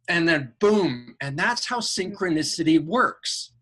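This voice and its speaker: A man, a podcast guest and coach, telling an animated story about angels and synchronicity with enthusiasm. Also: unhurried, a little hiss or hum. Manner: acts out angels' voices in a higher, excited tone; enthusiastic, spiritual coaching talk.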